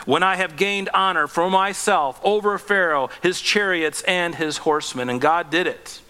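A man preaching a sermon, telling Bible stories with lively, acted-out quotes and chuckles. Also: a little high, moderate pace, hardly any pauses, smooth. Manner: animated storytelling, acting out scripture quotes, chuckling. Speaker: pastor.

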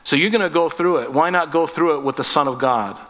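A man's voice: fairly high pitch, a little fast, fairly bright tone, long reverb tail. A man preaching a sermon as pastor, earnest and emphatic, asking the listeners direct questions.

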